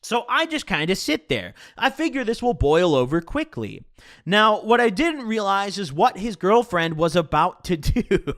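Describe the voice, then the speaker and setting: High, lively young man telling a story. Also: normal speed. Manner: casual and profane, animated retelling. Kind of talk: casual storytime narration.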